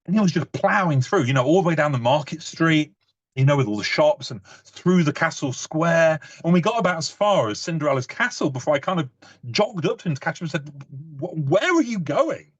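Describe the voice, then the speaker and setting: A British man in his thirties with a fairly high, animated voice gives a casual talk a little fast, heard through lo-fi sound. He tells personal stories chattily, saying "you know" often and stumbling into frequent restarts.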